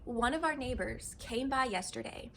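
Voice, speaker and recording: A woman talking in a casual home vlog, close to tears and gushing with gratitude, with halting restarts. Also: on the high side, animated, vocal fry, a bit bright, a little hiss or hum, low-quality recording. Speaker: vlogger and wife. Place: home kitchen.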